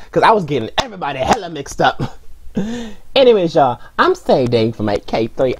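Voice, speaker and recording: A woman's voice: deep voice, slight background noise. A young woman hosting a music video reaction vlog, talking casually and ranting in slang. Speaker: reaction channel host.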